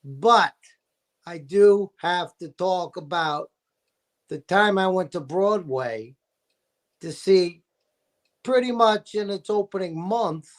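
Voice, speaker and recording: A man's voice: high-pitched, animated, slow pace, long pauses. A man talking as a guest in a casual chat, telling an enthusiastic story.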